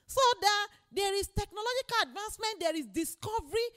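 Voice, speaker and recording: High, animated woman preaching. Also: a little fast. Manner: emphatic, repeats key phrases, rises to exclamations. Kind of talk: sermon.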